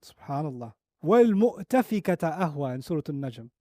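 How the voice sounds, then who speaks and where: A middle-aged man gives a Quran lecture in a high, lively voice. He tells stories with rising emphasis, then sinks to quiet, low moments to land a point. The sound is dry and close, with no room around it. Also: brisk, dry recording. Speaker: Quran teacher.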